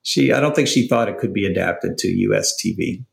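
A middle-aged man talks casually as an interview guest, pausing and chuckling as he goes. His voice is low and gravelly, and the room around him rings with echo. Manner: relaxed, halting, chuckles often. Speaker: TV writer and producer, guest.

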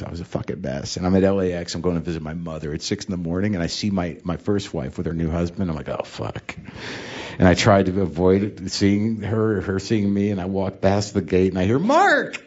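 A man's voice: deep voice, darkish tone, no room sound, dull audio. Middle-aged man, comic guest, raw and self-deprecating, swears freely, dry close-miked sound. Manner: confessional, self-deprecating, profane. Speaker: comedian guest. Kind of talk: candid storytelling interview.

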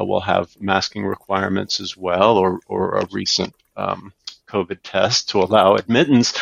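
A man's voice: fairly low pitch, gravelly, no echo, lo-fi sound. A man who leads a theater, answering radio interview questions in a hesitant, rambling way, full of fillers and repeats. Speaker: theater director guest.

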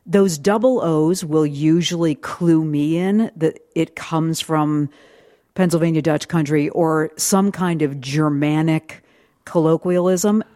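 A woman hosting a call-in radio show, asking quick, lively questions of her guest and callers. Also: sits low. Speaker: radio host.

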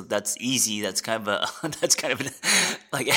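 A man in his forties, a podcast host and therapist, sharing a candid personal story in a reflective, halting way with many fillers and restarts. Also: on the low side, bright, forceful tone. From United States.

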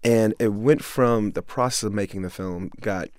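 Male film director from Miami, relaxed and earnest, lower voice, dry and close. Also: normal speed, clear, resonant tone, no room sound. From Miami, USA. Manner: laid-back, earnest, lots of "you know" and "bruh". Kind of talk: interview, personal storytelling.

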